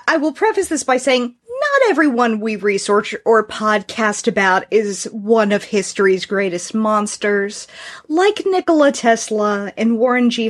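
A woman in her thirties hosting a podcast, chatting casually with wry, deadpan humor. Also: a little high. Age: 30s. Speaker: podcast host. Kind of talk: casual chat.

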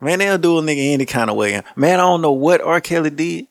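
A man's voice: fairly high pitch, animated, fast talker, dry recording, clean studio sound. A man hosting a podcast, talking loosely and profanely in a casual, laughing way. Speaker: podcast host. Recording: music playing underneath.

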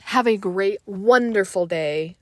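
A young woman hosting a casual solo podcast, chatty and animated, veering into fired-up rants. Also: mid-range voice, slow, heavy background noise. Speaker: podcast host.

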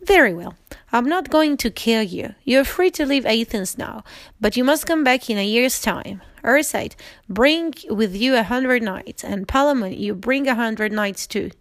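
A woman's voice: a little high, expressive, measured pace, dry recording. A woman reading as Theseus, a stern duke. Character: stern powerful male duke, middle-aged.

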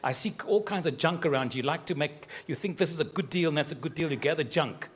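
A husky, somewhat high-pitched man delivers a live sermon, giving personal prophecies to people in the congregation. He is fervent and affectionate, speaking directly to each listener and mixing warmth with jokes and laughter. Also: fast.

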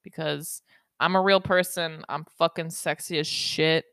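A woman's voice: sits low, fairly even intonation, a little slow, fairly bright tone, clean tone, no room sound, clean studio sound. A woman hosting a solo podcast, rambling and joking with lots of swearing and laughter. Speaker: podcast host. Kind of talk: casual solo podcast monologue.

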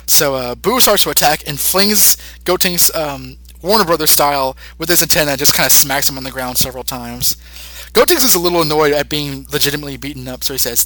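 Male podcast co-host, animated recapper, bright tone, dry booth sound. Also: on the high side, no echo, poor audio. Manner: animated, acts out character lines in quick put-on voices. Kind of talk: casual episode recap.

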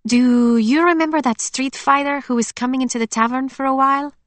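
A woman voicing a young heroine in an audiobook, in a plain, steady, lightly wry manner close to her own voice. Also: high-pitched, a little fast, no echo, pitched above the performer's own voice, natural voice. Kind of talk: audiobook character voice.

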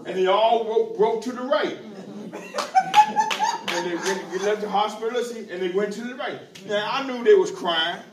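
A man preaching a sermon as bishop, repeating hallelujah and rising into shouts. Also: high-pitched, moderate pace, heavy background noise. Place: church sanctuary. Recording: echoey church from far off with congregation.

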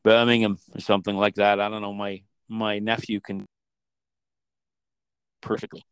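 A man's voice: on the low side, little pitch movement, normal speed, clean tone, dry recording. A man from Manitoba hosting a casual chat, laid-back and chatty, swearing freely. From Manitoba, Canada.

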